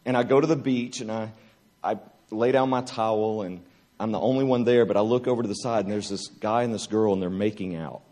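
A man delivers a testimony-style sermon at a church retreat. He tells it like a lively, humorous story and acts out each scene as he goes. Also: on the low side, a little fast. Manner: animated, joking storyteller who acts out scenes. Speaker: retreat speaker.

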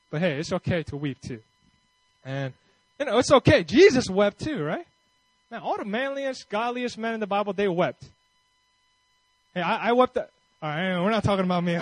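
A male pastor giving a conversational, animated sermon with casual asides and self-deprecating humor. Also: high-pitched, no echo, low-quality recording.

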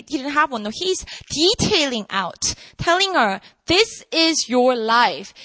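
A woman preaching a sermon to a room, emphatic and animated, asking her listeners rhetorical questions. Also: high voice, no room sound. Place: room with an audience.

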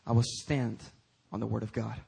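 A man preaching a sermon as pastor, swinging between loud emphatic peaks and low, intense passages. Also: level tone, moderate pace, creaky, breathy edge.

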